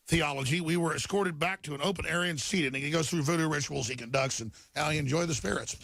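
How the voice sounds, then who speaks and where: A man hosts a talk show, ranting in an agitated rush and tripping over repeated words. His voice sits a little high and has a gravelly edge. The recording is dry and close. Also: fast talker, few pauses, a bit bright, no echo. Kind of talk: talk radio monologue reading headlines.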